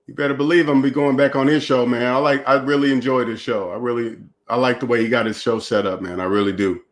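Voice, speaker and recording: Still recovering from a cold, a man hosting a livestream reads chat and rants in a preachy, mocking manner. He talks fast in a mid-range voice with fairly even intonation.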